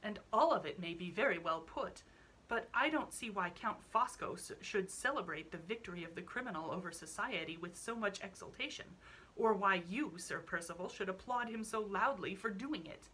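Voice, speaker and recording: A woman voicing an outspoken young Victorian lady who argues back with earnest spirit. The voice is bright and clear. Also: mid-range voice, lively intonation, normal speed, a little hiss or hum, low-quality recording.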